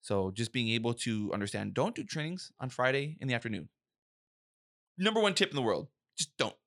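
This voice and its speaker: Young guy safety pro chatting on a podcast, lively and emphatic, dry close sound. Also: medium pitch, a little fast, creaky, no room sound. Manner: animated, emphatic, acts out quotes. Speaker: podcast co-host, safety professional. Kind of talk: casual podcast chat.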